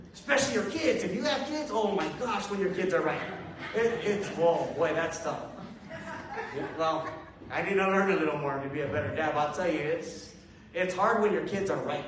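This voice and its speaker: A man's voice: high-pitched, normal speed, noisy background. A man preaching a conversational sermon to a congregation, casual and self-deprecating, with chuckling asides. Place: church hall with a congregation. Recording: echoey hall from far off.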